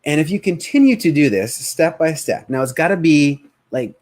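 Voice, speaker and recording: A man coaching on sales in a casual live-streamed talk, energetic and conversational, acting out short bits of customer talk. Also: on the high side, moderate pace. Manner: energetic, conversational, acts out prospects' voices.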